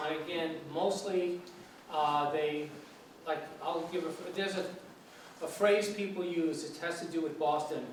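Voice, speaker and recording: A middle-aged man teaching an informal English lecture, chatty and asking students questions. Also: a little high. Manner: chatty, asks the audience questions, imitates regional accents. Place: lecture hall. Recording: echoey hall from far off, faint noise.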